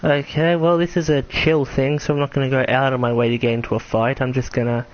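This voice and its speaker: A man's voice: medium pitch, flat delivery, quick pace, highs cut off. A young man rambling through casual gameplay commentary, swearing freely and mocking himself, his voice tired and prone to cracking. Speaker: streamer.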